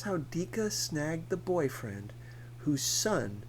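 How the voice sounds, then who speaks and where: A man's voice: mid-range voice, poor audio. A man reading a novel aloud as an audiobook narrator. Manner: slow, lively storytelling. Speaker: audiobook reader.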